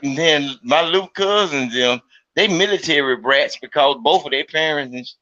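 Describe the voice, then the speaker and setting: A man from Mississippi talks loosely and profanely, circling back to repeat his points. His voice is forceful and bright, pitched a little high. The recording sounds muffled and lo-fi. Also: moderate pace. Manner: profane, emphatic, repeats himself to drive a point home. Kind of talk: casual chat.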